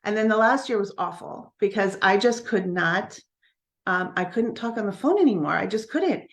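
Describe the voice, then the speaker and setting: A woman's voice: mid-range voice, animated, normal speed. Candid woman telling a personal story. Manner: candid and earnest, with frequent restarts. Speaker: network marketing coach. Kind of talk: personal storytelling on a live stream.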